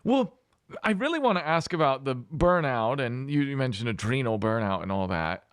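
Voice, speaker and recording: A man's voice: mid-range voice, big pitch swings, normal speed, clear, resonant tone, no room sound, clean studio sound. A man hosting a podcast in a casual, lighthearted and joyful way. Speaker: podcast host. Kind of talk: casual conversation.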